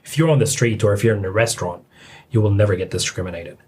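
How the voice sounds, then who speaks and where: Easygoing male podcast guest, lowish voice, light background hiss. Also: fast talker. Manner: relaxed, many ums, easygoing. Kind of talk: casual chat.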